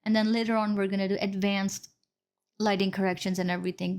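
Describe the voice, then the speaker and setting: A woman instructor narrates a screen-recorded editing lesson. Her voice sits at a middle pitch. She explains each step as she goes and stops to correct her own slips. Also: little pitch movement, fairly quick, darkish tone.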